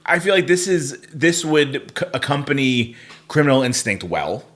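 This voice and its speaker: A man's voice: medium pitch, normal speed, a bit bright. A man co-hosting a podcast, talking bluntly and loosely about music and swearing freely. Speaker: podcast co-host. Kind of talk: casual chat about hardcore records.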